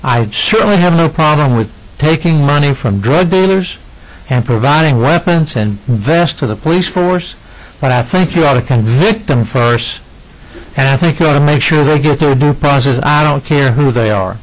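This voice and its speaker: A middle-aged man reading prepared testimony to a legislative committee, earnest and emotional, with halting restarts. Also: on the high side, expressive, low-quality recording. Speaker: citizen witness at a legislative hearing.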